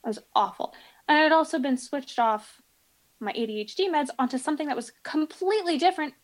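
Animated high-voiced woman telling stories. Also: quick pace, rough recording. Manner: animated, acts out the people in her stories. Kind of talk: casual storytelling chat.

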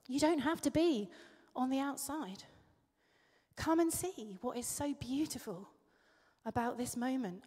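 Woman speaking as a tender pleading father. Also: extremely high pitch. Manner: gentle, earnest pleading. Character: loving father pleading with his son. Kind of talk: sermon. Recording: echoey hall.

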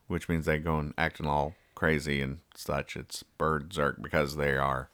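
A man's voice: very deep voice, fairly even intonation, measured pace, hardly any pauses, fairly bright tone. A man hosting a casual podcast, dryly and sarcastically explaining comic strip jokes. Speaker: podcast host.

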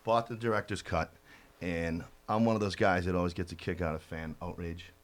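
Deep, fast-talking opinionated man. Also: steady tone. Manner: opinionated, wry, quick. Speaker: podcast guest. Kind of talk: casual chat.

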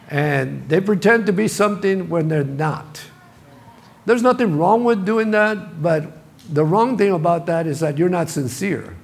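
A man's voice: high-pitched, vocal fry. A middle-aged man, the senior pastor, preaching a sermon in a church, building to bursts of emphasis with touches of humor. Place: church sanctuary.

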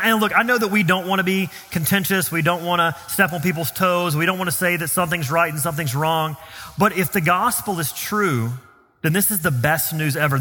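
A man with a Southern US accent preaching a sermon as pastor, earnest and emphatic, slowing down on key phrases. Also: fairly high pitch, sharp tone, big-room sound. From Southern United States. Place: church sanctuary.

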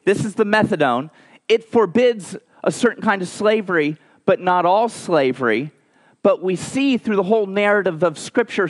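A man preaching a conversational sermon, telling stories with lively asides and frequent restarts. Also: sits high. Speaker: pastor.

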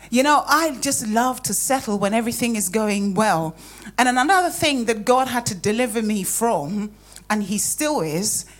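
Bubbly woman preacher, slightly high voice, stage mic in church. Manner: enthusiastic, chatty, laughs often. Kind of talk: sermon. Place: church hall.

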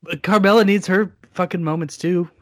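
A man's voice: sits high, fairly even intonation, moderate pace, no room sound, studio quality. A man co-hosting a podcast in casual chat, retelling TV scenes with a loose, swearing, joking manner. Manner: retells scenes with acted quotes, swears freely. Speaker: podcast co-host.

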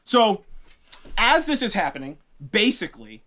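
Brief: male podcast host, casual myth retelling, slangy, lively pitch. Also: moderate pace. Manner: slangy, laughing, animated. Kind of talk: casual storytelling.

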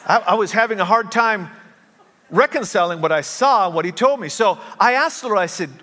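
A man's voice: sits high, lively intonation, a little fast, bright, forceful tone, long reverb tail, slight background noise. A middle-aged male pastor preaching a sermon, telling stories with humor and self-deprecating asides. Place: church sanctuary.

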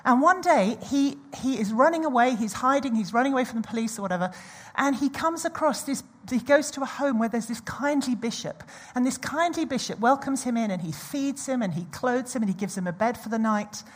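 A woman delivers a sermon in an animated storytelling manner. She often breaks off to speak straight to the congregation. Her voice sits fairly high and has a husky, breathy edge. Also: brisk, hardly any pauses. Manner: animated storytelling with audience asides. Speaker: preacher.

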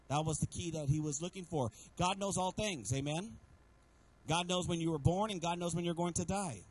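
A man with a notably high voice preaches to his church congregation. He keeps calling out for an amen and slips into the voices of the people he quotes as he tells the story. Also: brisk, low-quality recording. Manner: preaching with call-and-response asks to the congregation; acts out quoted voices within the sermon. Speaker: pastor. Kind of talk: sermon. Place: church sanctuary.

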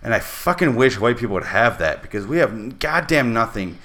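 A man's voice: medium pitch, expressive, moderate pace, bright, forceful tone. A man hosting a podcast in casual chat with friends, rambling and swearing freely. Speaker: podcast host.

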